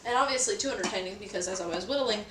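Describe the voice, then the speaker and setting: A young woman livestreams from her home kitchen, talking rapid-fire in a mid-range voice as she washes dishes. She tells a story bluntly and nonchalantly, swearing freely, recorded far from the mic in a roomy space with dishes and pots clattering in the background.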